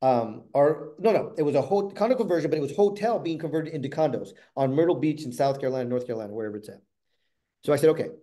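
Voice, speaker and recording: A middle-aged man telling a motivational story from the stage. His voice sits a little high for a man, yet sounds mellow and warm. He swings between loud, animated bursts and quiet, hushed asides. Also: fast talker. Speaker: motivational speaker.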